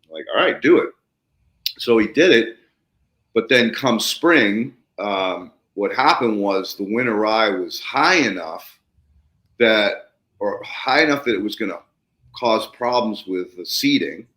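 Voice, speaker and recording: A low-voiced man hosts a casual podcast chat, spinning stories with big, lively swings in his delivery. He swears offhandedly and acts out surprise with a jump in his voice. The sound is roomy and echoey. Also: a little slow. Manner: animated, swings sharply higher when acting out excitement, swears casually. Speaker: podcast host. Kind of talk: casual storytelling conversation. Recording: roomy echo.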